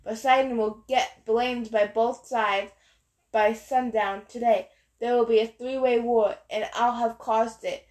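A woman narrating a novel in the first person in a steady storytelling manner. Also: fairly high pitch, a little slow, reverberant. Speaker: audiobook narrator.

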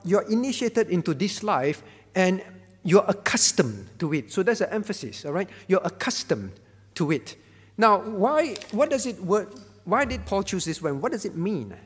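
A man's voice: high-pitched, in a large hall. A man preaching a sermon, stressing key words by repeating them and asking rhetorical questions. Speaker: pastor.

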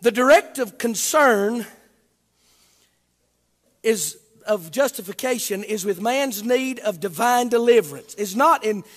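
A Baptist preacher, delivering a sermon that swings between hushed talk and shouted, chanting preaching. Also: male voice, very high voice, animated, unhurried, in a large hall.

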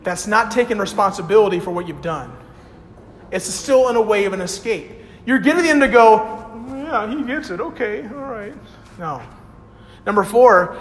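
A male pastor preaching a sermon, quizzing the congregation with yes-or-no questions and acting out the lines he quotes. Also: sits high. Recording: long hall reverb, faint hiss.

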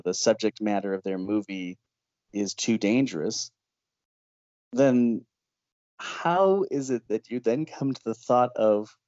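A horror filmmaker tells stories in an animated interview, laughing often and acting out the voices of people he quotes. His voice is low and darkish, and the recording is dry but muffled.

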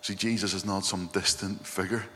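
A man's voice: deep voice, level tone, normal speed, bright, forceful tone. A male pastor giving an earnest, reflective sermon and often quoting scripture. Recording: long hall reverb, faint hum.

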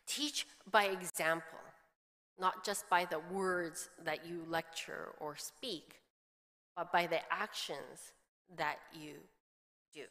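A woman's voice: low voice, steady tone, slow pace, long pauses, sharp tone. A middle-aged woman pastor giving a chatty sermon, telling stories and slipping into quoted voices, often laughing. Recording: long hall reverb.

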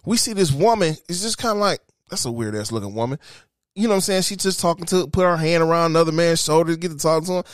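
A man, telling rowdy stories in a profane, animated casual chat. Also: a little high, racing, few pauses, no echo, clean studio sound. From Detroit, Michigan.

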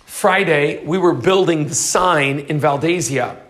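A man's voice: on the high side, a little slow, a bit bright. A man preaching a sermon, reading scripture aloud and then explaining it. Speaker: pastor.

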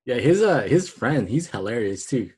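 Chill podcast dude, kinda husky voice, laughs a lot, says like constantly. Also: male voice, medium pitch, big pitch swings, moderate pace, a little mellow. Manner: laid-back, laughs often, lots of "like". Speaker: podcast co-host. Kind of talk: casual podcast chat.

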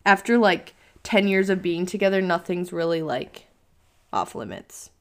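A woman's voice: fairly low pitch, lively intonation, measured pace. A woman in her early twenties co-hosting a podcast, talking in a chatty way with many "like" fillers. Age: 20s. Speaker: podcast co-host. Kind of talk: casual chat.

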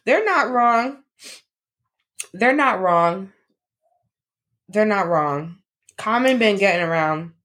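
A woman co-hosts a casual podcast chat. Her voice sits at a middling pitch, and she talks bluntly and teases, often repeating a line for effect. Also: lively intonation, takes it slowly, pauses often, fairly bright tone. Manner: blunt and joking, repeats her lines for emphasis. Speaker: podcast co-host.

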